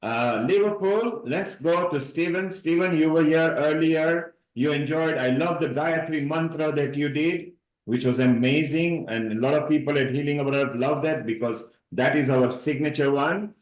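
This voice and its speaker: An upbeat man hosts a live online gathering over a video call and introduces speakers one after another. His voice sits a little high for a man. The room around him sounds echoey. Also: moderate pace, hardly any pauses. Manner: upbeat, playful linking remarks. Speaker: host of a live online event.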